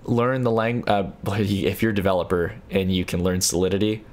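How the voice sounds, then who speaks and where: A young man hosts a late-night livestream in a low, steady, slightly mellow voice at a moderate pace, with a little hiss or hum. He reads viewer messages aloud and answers them in a casual, stop-start way, frequently restarting.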